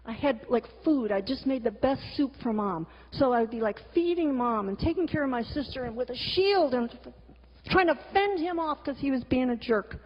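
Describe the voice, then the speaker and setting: A woman's voice: high voice, moderate pace. A middle-aged woman giving a talk, a frank storyteller who swears freely and throws in exasperated asides. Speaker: cartoonist and teacher giving a talk. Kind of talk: candid storytelling talk with slides. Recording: lo-fi recording with long hall reverb.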